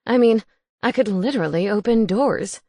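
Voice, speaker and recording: Woman voicing a loud teasing male ghost. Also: mid-range voice, normal speed, no echo, natural voice. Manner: teasing, indignant. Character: bossy snooping male ghost housemate.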